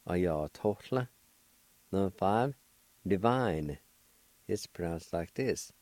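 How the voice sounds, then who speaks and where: An older man giving a slow, patient pronunciation lesson on the radio, spelling words letter by letter and repeating each syllable. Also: deep voice, lively intonation, darkish tone, dry recording. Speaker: language teacher and radio host.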